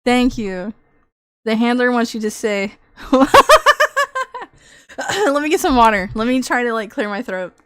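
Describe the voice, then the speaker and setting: A woman livestreamer in casual chat with her viewers, excitable, swearing freely and laughing often. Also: on the high side, measured pace, pauses often, clear, resonant tone, no room sound, clean studio sound.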